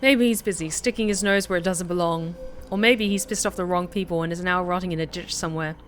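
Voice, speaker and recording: A woman streaming a story game, reading the narration aloud in a lively way and chatting back to her viewers. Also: on the low side, fast, faint music behind.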